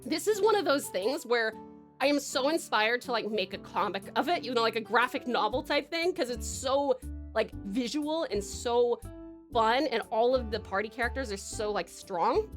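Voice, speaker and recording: A woman's voice: fairly high pitch, lively intonation, moderate pace, soft background music. A young woman streamer chatting casually as she reads viewer comments, laughing often and talking with lots of fillers. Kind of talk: casual live-stream chat, reading comments.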